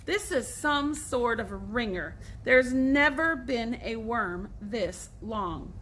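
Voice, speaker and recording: Woman reading as Billy, an indignant yelling boy. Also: on the high side, expressive, slow pace, a little hiss or hum. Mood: protesting. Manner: loud, indignant outbursts. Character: boy, stubborn and suspicious, given to yelling.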